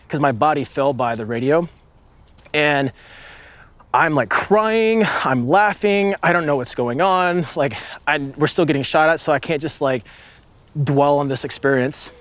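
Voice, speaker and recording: A man's voice: fairly high pitch, moderate pace, no room sound. Rambling man telling war stories. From United States. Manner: rambling, with many "like" fillers and vivid acted-out shouts. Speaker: former marine sniper, guest. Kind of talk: casual storytelling conversation.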